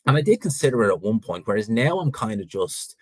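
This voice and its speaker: An Irishman with a North Dublin accent runs a boxing channel, chatting casually through viewer questions and giving frank opinions. His voice is lowish, sing-song, quick and slightly rough, and the rough recording has no room sound. He rambles and often restarts his sentences.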